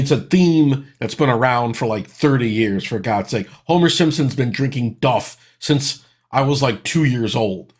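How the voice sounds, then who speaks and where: A man's voice: mid-range voice, breathy edge. A man in his thirties hosting a reaction video, with sarcastic, exasperated ranting commentary.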